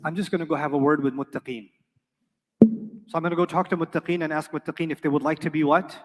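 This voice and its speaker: A man's voice: on the high side, steady tone, big-room sound, close to an everyday voice. A man voicing an Arabic particle that eagerly asks around for a word to govern, in a casual, chatty way. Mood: coaxing. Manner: eager, then quickly apologetic. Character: pushy Arabic particle seeking a partner.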